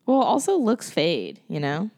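A young woman co-hosting a relaxed podcast chat. Her talk is loose and full of "like", and she laughs often. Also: fairly low pitch, measured pace. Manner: chatty, heavy use of "like", laughs often. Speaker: podcast co-host. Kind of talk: casual chat.

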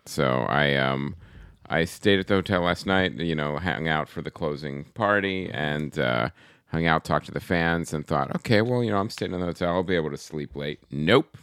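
A tired man co-hosting a podcast, chatting in a relaxed way and often dropping in short agreements. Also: very deep voice, moderate pace, smooth, dry recording, clean studio sound. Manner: relaxed, frequent agreeing interjections. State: tired, maybe a cold. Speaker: podcast co-host. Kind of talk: casual chat.

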